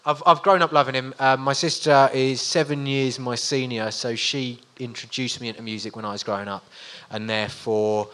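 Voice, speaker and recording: A man co-hosting a casual chat, relaxed and meandering with fillers. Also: mid-range voice, normal speed, few pauses. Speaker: co-host.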